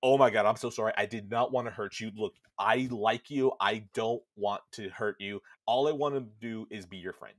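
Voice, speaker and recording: A man's voice: fairly low pitch, moderate pace, hardly any pauses, no echo, studio quality, close to an everyday voice. A man doing an eager mischievous boy prince. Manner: eager, pushy, overly friendly.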